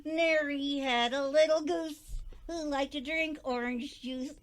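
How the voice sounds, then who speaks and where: A woman's voice: sits high, steady tone, unhurried, a little hiss or hum, pitched above the performer's own voice. A woman voicing a silly, cheeky female parrot puppet that talks in a sing-song, playful way and mangles nursery rhymes. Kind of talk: puppet performance.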